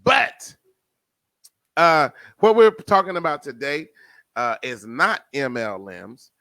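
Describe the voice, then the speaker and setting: Animated New Jersey man hosting a podcast. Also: a little high, takes it slowly, vocal fry, dry recording. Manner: animated, talks to listeners as "family", swings loud and soft. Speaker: podcast host. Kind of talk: casual podcast monologue.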